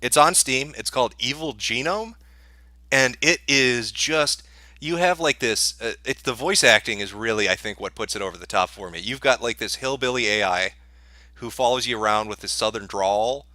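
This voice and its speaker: A man's voice: medium pitch, moderate pace, pushed and bright, no echo, studio quality. A man answering viewer questions on a livestream in a sarcastic, profane, dismissive rant.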